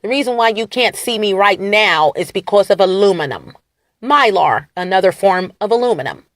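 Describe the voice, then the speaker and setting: A woman vlogger rambling to her viewers, animated and defiant, laughing and swinging between loud and soft. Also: medium pitch, normal speed, no echo, studio quality. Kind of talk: rambling talk to camera.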